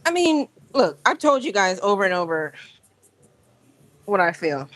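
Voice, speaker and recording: A woman hosting a casual livestream from a gym, talking straight to her viewers in an animated, rambling way. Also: mid-range voice, measured pace. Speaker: livestream host. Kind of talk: casual live-stream chat.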